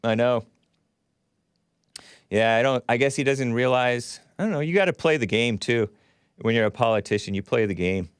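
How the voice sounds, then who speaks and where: A man's voice: medium pitch, moderate pace, pauses often, clean tone, no room sound, studio quality. A man hosting a call-in talk show, chatting casually, laughing often and reading out listener comments. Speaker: radio call-in show host.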